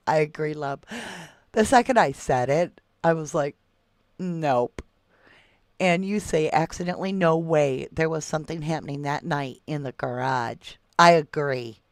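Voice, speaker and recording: A middle-aged woman with a drawl talks in a low, gravelly voice. She reads viewer comments aloud on a livestream and answers them with folksy endearments. The mic is close and dry. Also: normal speed, dry recording. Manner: chatty, calls viewers love and sweetheart. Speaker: true crime livestream host. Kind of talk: casual livestream chat reading viewer comments.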